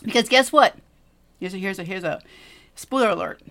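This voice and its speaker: A woman's voice: medium pitch, lively intonation, moderate pace, a bit bright. A woman co-hosting a faith podcast, teaching in an earnest, encouraging way with emphatic repetition. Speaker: podcast co-host.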